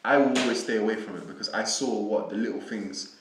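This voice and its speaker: A young man from Senegal speaks as a podcast guest in a fairly low voice. He is earnest and reflective and repeats words while he gathers his thoughts. The room leaves a noticeable echo on his voice. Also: fast talker, noisy background. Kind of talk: casual conversation. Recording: roomy echo.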